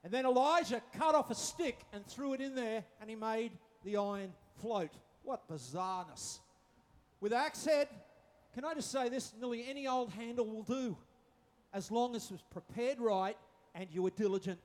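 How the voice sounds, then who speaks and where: A man with a very high-pitched voice preaches a sermon at a normal speed. He jokes with his listeners, acts out quotes, and repeats his phrases for humorous effect.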